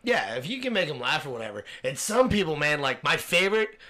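A man's voice: a little high, very animated, fairly quick, a crowd in the background. A man co-hosting a casual podcast, telling stories with lots of swearing and laughter. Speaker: podcast co-host. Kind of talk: casual chat.

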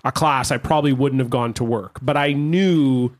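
A man's voice: mid-range voice, normal speed. A man co-hosting a podcast, joking around in casual chat, with a nasal voice from a cold. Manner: joking, laughs often. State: sick, nasal voice. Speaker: podcast co-host.

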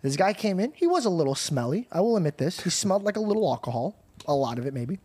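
High-voiced young man telling a story. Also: fast talker, husky. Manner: laughing, animated, swearing. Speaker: podcast host. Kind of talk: casual storytelling chat.

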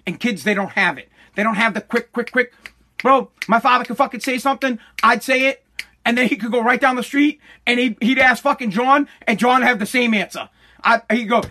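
Middle-aged man, very high bright voice, swears nonstop, animated rant about the old days. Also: fairly quick. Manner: swears constantly, animated, self-interrupting. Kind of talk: casual profane storytelling rant.

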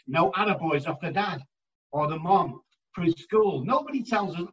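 A man working as an addiction therapist, telling stories in an interview in an emphatic, animated way and acting out the voices he quotes. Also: sits high, normal speed, far from the mic, dull audio. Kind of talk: storytelling in a conversational interview.

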